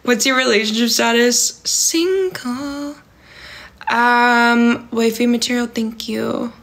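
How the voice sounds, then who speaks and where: A woman's voice: on the high side, completely flat delivery, unhurried, vocal fry, fairly bright tone. Chatty young woman, lots of "like". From California. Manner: rambling and filler-heavy, many "like" and "um". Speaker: livestream host. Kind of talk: casual livestream chat, reading viewer comments.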